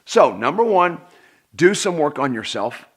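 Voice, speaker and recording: A man's voice: on the high side, big pitch swings, measured pace. Emphatic middle-aged man giving self-help advice. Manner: emphatic, repeats for emphasis, addresses the viewer directly. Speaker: personal development speaker. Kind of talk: direct-to-camera self-help talk.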